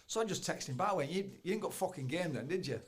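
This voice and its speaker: A man, telling stories in a blunt, sweary way. His voice sits a little high for a man. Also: animated, fast. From England. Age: 40s. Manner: blunt, heavy swearing, storytelling. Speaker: guest, former footballer. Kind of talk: casual chat.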